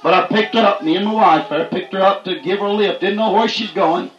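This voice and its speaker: A high-pitched man preaching a fiery country sermon. He talks in a plain folksy way, keeps coming back to the same affirmations and climbs to shouts when he drives a point home. The room rings with echo around him. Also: brisk, dull audio, soft background music. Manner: folksy, repeats "that's right", rises to shouts.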